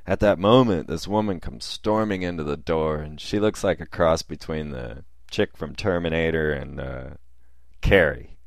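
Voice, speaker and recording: Man, casual storytelling, rambling, gravelly, very low voice. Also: dry recording, studio quality. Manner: rambling, with fillers and chuckles.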